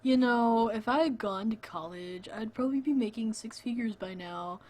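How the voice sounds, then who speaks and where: A woman voicing a gloomy young man, a loner coder who talks in a flat, unbothered mumble. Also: on the high side, normal speed, natural voice.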